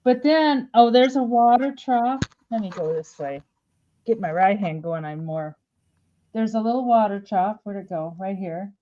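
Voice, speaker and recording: A woman's voice: mid-range voice, animated, moderate pace, warm tone, lo-fi sound. A woman hosting a casual live sale, chatty and giggly, rambling as she shows items. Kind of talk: casual live-stream selling.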